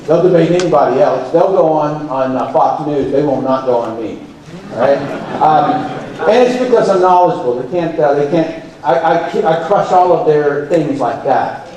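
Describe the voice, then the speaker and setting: A man with a fairly high voice addresses a conference crowd, telling animated stories and putting on voices for the people he quotes. He sounds distant from the mic, and his voice rings through a big, echoey hall. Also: normal speed. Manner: animated storyteller who acts out quoted dialogue. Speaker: conference speaker. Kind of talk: live motivational talk. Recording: very echoey hall, heard from far off. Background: audience laughter.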